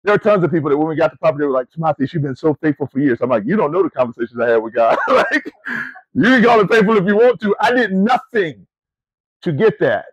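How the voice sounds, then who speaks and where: A middle-aged man preaching a sermon in an animated, conversational storytelling style, calling his listeners family and y'all, with rising emphatic questions. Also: fairly high pitch, fast talker, husky, no echo, muffled recording. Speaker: preacher and camp ministry CEO. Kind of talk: sermon to student athletes.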